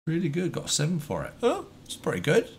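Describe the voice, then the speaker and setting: A man's voice: fairly high pitch, wildly swooping pitch, fast talker, gravelly. A man chatting casually while he plays and streams a game, thinking aloud with plenty of fillers. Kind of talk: casual chat while playing. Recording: noisy home stream audio.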